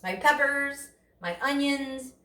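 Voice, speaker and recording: A woman's voice: sits high, takes it slowly, bright, forceful tone. A woman walks viewers through a recipe in a chatty, enthusiastic way, often posing a question and then answering it herself. She sounds like she is talking in a roomy, echoing kitchen, with a faint hiss of noise behind her. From Italian family background. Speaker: cooking show host. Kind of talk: casual cooking demonstration. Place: home kitchen.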